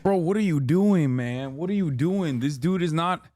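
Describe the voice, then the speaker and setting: High-voiced man ranting profanely. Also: lively intonation, moderate pace, warm tone, no echo. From Muslim-majority country. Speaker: streamer reacting to a video. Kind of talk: heated livestream commentary.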